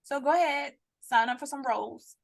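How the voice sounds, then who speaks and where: A woman co-hosting a casual podcast chat over a video call, animated and quick to laugh, slipping into playful put-on voices. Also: sits high, creaky. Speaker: podcast co-host.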